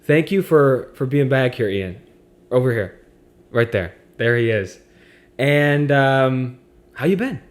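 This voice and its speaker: A man's voice: mid-range voice, animated, slow, long pauses. A man hosting a comedy podcast in casual banter, with a playful, mock-grand way of talking. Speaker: podcast host.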